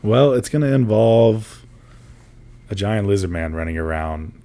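A man's voice: on the low side, expressive, a little slow, mellow. A man co-hosting a podcast in casual chat, laughing often and acting out voices as he tells stories. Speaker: podcast co-host.

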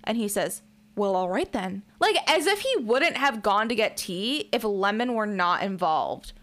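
A woman co-hosting a casual recap podcast, animated and quick to act out lines in silly voices. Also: medium pitch. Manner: animated, acts out lines in voices, swears freely. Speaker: podcast co-host.

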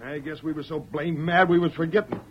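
An actor playing an excitable, good-natured frontier settler in an old radio western, with a folksy twang. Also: male voice, on the high side, a little fast, a little hiss or hum, close to an everyday voice. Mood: earnest. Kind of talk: 1930s radio drama acting. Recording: dull old radio recording.

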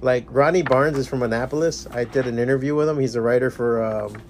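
A man's voice: medium pitch, quick pace. A man hosting a casual chat in a comic shop, swearing freely and mimicking people in his stories. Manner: profane, laughs often, mimics people in anecdotes. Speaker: podcast host.

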